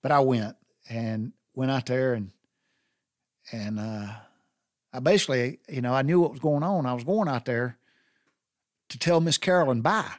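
A man's voice: mid-range voice, moderate pace, long pauses, dry recording. Middle-aged Southern man, dry close sound, rambling heartfelt storyteller. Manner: rambling and heartfelt, with many restarts. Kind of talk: personal storytelling.

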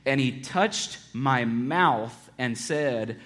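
A man preaching a sermon to a congregation, joking one moment and hushed and earnest the next. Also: medium pitch, drawn-out words. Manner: animated, joking, with big swings between loud and hushed. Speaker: pastor.

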